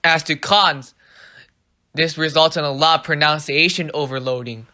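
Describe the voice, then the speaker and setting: Narrator for a language lesson, bright tone, steady explanatory read, voice-over. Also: mid-range voice, moderate pace. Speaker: teacher. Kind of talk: scripted narration.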